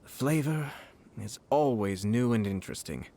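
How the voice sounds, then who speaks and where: An actor playing a poised, courteous young noble commissioner in a video game, who speaks in a formal, measured, polite way. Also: male voice, medium pitch, lively intonation, dark tone, no room sound, natural voice. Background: game music.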